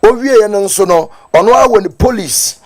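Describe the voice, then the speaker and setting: A man with a Ghanaian accent hosts a morning talk show in a fairly high voice. His delivery is lilting and sing-song, and the sound is dry and close. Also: moderate pace, dry recording. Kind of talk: casual talk show commentary.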